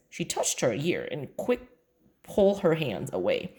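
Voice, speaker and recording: A woman's voice: a bass voice, sing-song, takes it slowly, darkish tone. A woman reading a children's chapter book aloud in a plain storytelling delivery. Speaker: reader.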